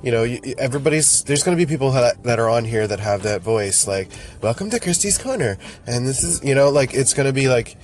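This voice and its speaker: A man's voice: mid-range voice, fast talker, few pauses, soft background music. A man hosting a casual solo podcast, rambling and interrupting himself, laughing at his own jokes. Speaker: podcast host. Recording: loud background noise.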